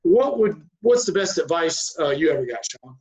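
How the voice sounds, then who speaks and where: A man hosts a podcast interview in a somewhat higher voice. He speaks haltingly, stops partway and repeats his words as he searches for what he wants to say. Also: very animated, darkish tone, poor audio. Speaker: podcast host.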